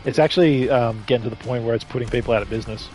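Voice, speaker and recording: A man's voice: mid-range voice, racing, darkish tone, soft background music. A man with an Australian accent chatting casually while streaming a game, rambling from point to point and swearing freely. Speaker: gaming streamer.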